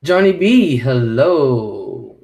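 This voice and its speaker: A man's voice: mid-range voice, big pitch swings, extremely slow, vocal fry, a little mellow. A middle-aged man, hosting a casual live stream and chatting with viewers in a rambling way, swearing when annoyed. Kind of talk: casual live chat reading viewer comments.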